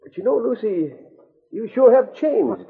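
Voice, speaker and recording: A sickly old frontier grandfather with a folksy drawl. His voice sits high and swoops around, with a husky edge. It comes through a tinny, phone-thin old radio recording. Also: big pitch swings, a little slow, full character voice. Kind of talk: 1950s radio drama acting.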